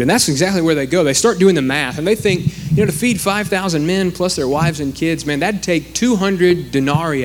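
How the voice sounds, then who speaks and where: Man, preacher, conversational sermon, animated quotes, fairly high voice, faint background noise.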